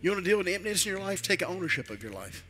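An older man preaching a sermon as a bishop, swinging between quiet asides and loud emphatic build-ups. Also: sits high, big pitch swings, racing, music in the background.

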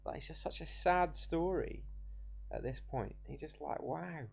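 A young man giving an informal devotional talk, casual and halting with many restarts. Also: on the high side, vocal fry, slightly rough. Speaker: preacher.

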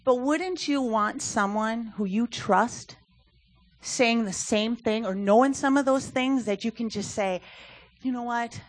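A woman who works in youth ministry gives a sermon talk at a church service, speaking earnestly and conversationally with frequent fillers. Her voice is fairly high in pitch, and her pace is measured.

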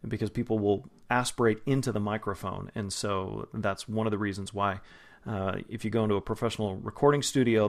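A man coaching pronunciation in a spoken phonetics lesson, patient and explanatory, slowing down to model each sound. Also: on the low side, a bit bright. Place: Los Angeles area.

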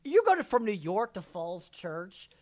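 A man's voice: high-pitched, very animated. A man co-hosting a podcast, telling crude stories in casual banter. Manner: fast, profane storytelling. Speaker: co-host.

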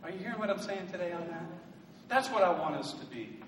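Speaking fast with big swings in pitch, this high-voiced male pastor delivers a preachy sermon that climbs into loud, emphatic outbursts, punctuated by jokes. The far-off microphone picks up the long echo of the church hall and a soft ambient hum beneath him.

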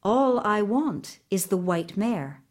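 A woman's voice: medium pitch, animated, slow. A woman voicing a brave, spirited young princess in a read-aloud fairy tale. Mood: determined.

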